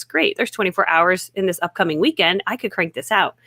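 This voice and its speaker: A woman's voice: lowish voice, animated, fast talker, bright, forceful tone, no room sound, clean studio sound. A woman hosting a casual live chat, talking enthusiastically about writing her book and laughing often. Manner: enthusiastic, giggly. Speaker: host.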